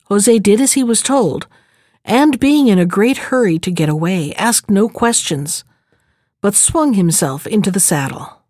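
A woman reading a fairy tale aloud in a measured, expressive storybook narration. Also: medium pitch, no echo, studio quality.

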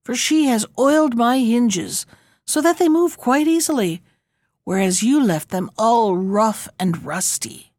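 A woman's voice: a little high, expressive, unhurried, a little mellow, no echo, clean studio sound. A woman voicing a talking door that firmly refuses an order in a storybook reading. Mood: defiant. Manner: firm refusal.

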